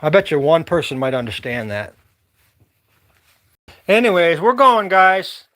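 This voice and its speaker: A man from Michigan vlogging casually, rambling and joking with loud whoops. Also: fairly high pitch, very animated, a little slow. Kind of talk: casual outdoor vlog chat.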